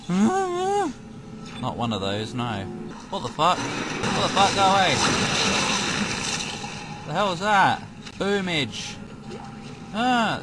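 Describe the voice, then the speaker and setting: A British man rambles through a let's-play in a fairly high, lively voice, cracking jokes and yelping whenever something startles him. He talks slowly and unhurriedly, and loud game sound plays beneath every line. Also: low-quality recording. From Britain. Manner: jokey, rambling, sudden startled yelps. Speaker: game commentator. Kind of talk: casual let's-play commentary. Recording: loud game audio over the voice.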